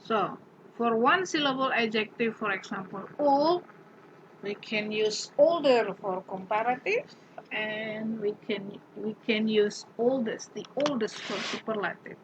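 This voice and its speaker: A woman's voice: on the high side, measured pace, slight background noise, poor audio. A woman teaching an English grammar lesson. She patiently repeats example words and keeps asking the class questions.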